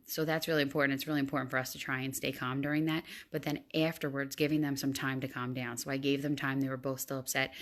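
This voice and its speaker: A woman in her thirties, a teacher and parent, talking casually to camera with lots of fillers. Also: a bass voice. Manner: chatty, many fillers. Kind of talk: casual vlog talk.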